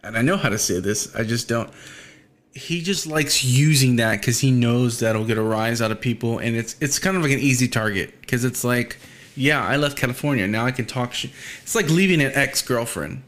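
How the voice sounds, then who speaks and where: A man's voice: mid-range voice, moderate pace, fairly bright tone. A man talking casually on a podcast over a call, laid-back and slangy, with many fillers.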